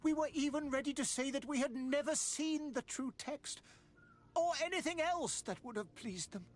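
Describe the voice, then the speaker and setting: A persecuted female scholar, played by a woman in a video game, grave and resigned yet firm. Her voice sits somewhat high. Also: moderate pace, lightly acted.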